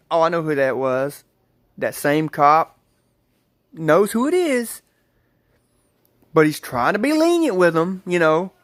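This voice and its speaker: A man's voice: sits high, dry recording, clean studio sound. A man telling a rambling story to his viewers, repeating himself and calling them guys. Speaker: vlogger. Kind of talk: casual storytelling to camera.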